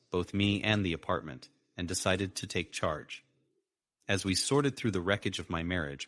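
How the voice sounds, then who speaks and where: A man narrating a first-person story in a plain, steady way. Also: sits low, no room sound.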